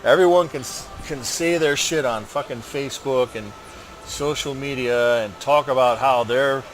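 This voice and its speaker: A man's voice: mid-range voice, normal speed, slight background noise. A man hosting a gaming channel, rambling through a personal update while he plays, swearing often and ranting with frustration.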